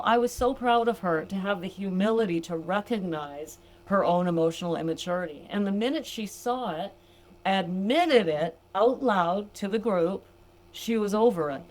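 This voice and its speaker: An older woman, a grandmother, hosts a sobriety coaching podcast, casually reading from a book in a monologue. Her medium-pitched voice is animated, moderately paced and darkish in tone. She laughs often and calls her listeners gals.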